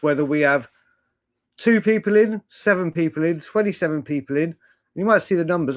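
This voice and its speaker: A young man hosts a casual late-night livestream, chatting in a rambling, laugh-filled way and greeting viewers by name. His voice sits a little higher than most men's. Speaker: livestream host. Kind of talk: casual live fan chat.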